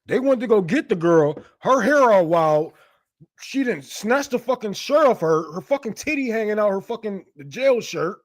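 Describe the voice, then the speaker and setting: A man's voice: sits high, expressive, normal speed, no echo. A man hosting a livestream in casual commentary, talking in a rambling way with heavy slang and lots of swearing. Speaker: livestream host.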